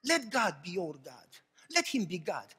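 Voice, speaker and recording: A man preaching a passionate sermon, swinging between loud cries and hushed, low remarks. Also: big pitch swings, a little slow, slightly rough, in a large hall. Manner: impassioned preaching, swings from shouts to hushed tones.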